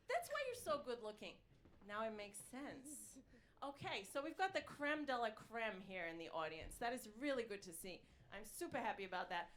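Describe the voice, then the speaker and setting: Woman playing a cocky male talk show host. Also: on the high side. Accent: put-on New York. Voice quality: boastful, deadpan one-liners. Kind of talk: stand-up character comedy. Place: live stage before an audience.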